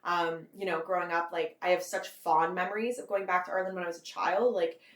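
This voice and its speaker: A young Canadian woman in her twenties rattles on quickly in a slightly low voice, piling up "like" as she goes. Her voice rings with a bit of room echo. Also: fairly even intonation. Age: 20s. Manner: rambling, heavy use of "like", frequent laughs. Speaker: guest author. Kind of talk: casual interview.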